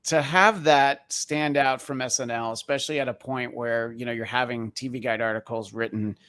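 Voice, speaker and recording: A man's voice: mid-range voice, fairly even intonation, normal speed, fairly bright tone. A man hosting a podcast interview, asking long, winding questions full of fillers. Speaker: podcast host. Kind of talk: casual interview.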